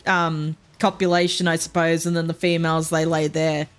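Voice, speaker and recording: A woman's voice: low-pitched, little pitch movement, moderate pace, smooth. A young Australian woman chatting casually as a streamer while gaming, rambling, swearing freely and laughing often. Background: faint game music.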